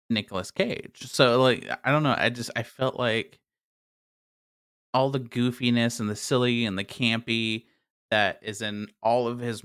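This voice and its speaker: Casual male co-host, bright tense tone, halting speech with lots of "I don't know". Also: medium pitch, clean tone. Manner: hesitant, many fillers and "I don't know". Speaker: podcast co-host. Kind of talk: casual chat.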